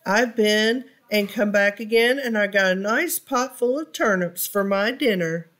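A woman voicing a clever, stubborn little pig in a high, squeaky voice. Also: a little slow, fairly bright tone, lightly acted. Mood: cheeky.

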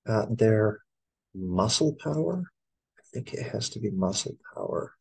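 A middle-aged American English teacher works through test answers, spelling each word out letter by letter. His voice is low and gravelly, with a husky edge. He speaks at an unhurried pace. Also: animated, a little mellow, rough recording. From United States. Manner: slow, spells words letter by letter.

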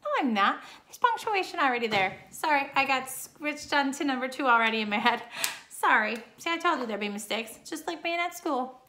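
A woman's voice: sits high, expressive, fairly quick, sharp tone. A woman teacher giving a recorded online grammar lesson, explaining patiently step by step.

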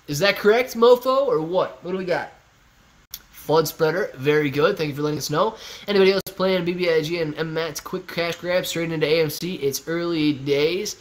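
A man's voice: a little high, animated, a little fast. A man hosting a casual live stream, reading viewer comments and bantering playfully with them. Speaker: livestream host reading chat.

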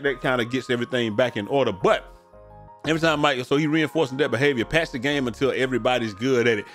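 A man's voice: mid-range voice, a bit bright. A man chatting casually as a gaming streamer, tired and yawning, with loose slangy talk full of "man" and "bro". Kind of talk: casual commentary on viewer messages. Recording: faint music behind.

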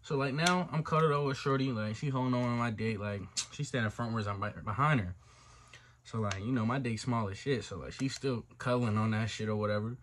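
Animated young man telling a story. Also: medium pitch, a little fast, a little hiss or hum. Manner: animated, profane slang-heavy storytelling, voices for other people. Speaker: storytime vlogger. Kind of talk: casual storytime monologue.

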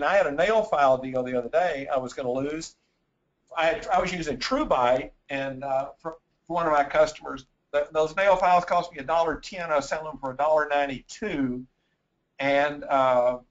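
A man's voice: on the high side, dull audio. A man giving a sales presentation in a webinar, stammering and repeating words as he gets wound up telling stories.

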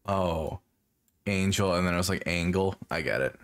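A man's voice: low voice, moderate pace, fairly bright tone, clean tone. A tired man chatting casually to his stream while playing a fishing game, yawning and making puns. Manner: sleepy, yawning, punning to himself. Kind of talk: casual gameplay commentary.

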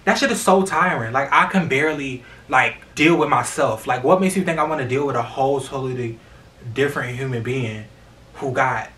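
A young man chats freely on camera, expressive and unfiltered, with constant fillers and swearing. He sits a little back from the mic. Faint room noise runs underneath. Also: medium pitch, distant mic. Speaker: vlogger. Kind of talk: casual storytime chat.

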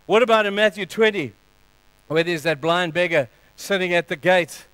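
Preacher guy, high pitched, acts out the bible bits, dry close sound. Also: normal speed, a bit bright, clean tone, no echo, low-quality recording. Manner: dramatic, acts out Bible scenes in quoted voices. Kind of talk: sermon.

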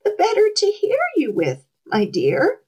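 Woman reader doing a sly storybook wolf: honeyed, coaxing, lively lilt, slow. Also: high voice, voice pushed up, full character voice. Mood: sweetly sly. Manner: honeyed, coaxing, snarls at the end. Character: sly sweet-talking big bad wolf.

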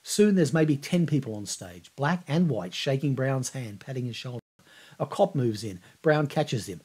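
A man hosting a podcast, narrating a scripted history story in a vivid, measured storytelling manner. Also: mid-range voice, lively intonation, a little mellow, slightly rough. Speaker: podcast host.

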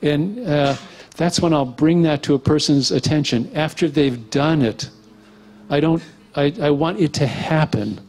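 A man's voice: a little high, a little slow. A man teaching structural integration in a casual lecture, rambling and acting out little quotes from clients. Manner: relaxed, rambling, acts out quotes.

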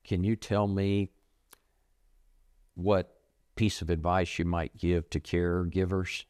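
A man with a very deep voice asks questions gently and patiently. He sounds like an interviewer. The sound is dry, with no echo. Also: steady tone, slow pace. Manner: gentle, brief affirming replies.

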